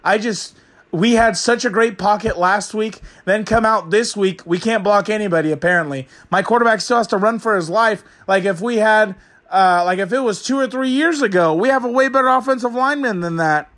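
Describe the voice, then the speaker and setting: A man's voice: high-pitched, a little fast, fairly bright tone. A man voicing a fired-up young male football fan who rants crudely in a comic character monologue. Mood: fuming. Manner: ranting, exasperated, crude.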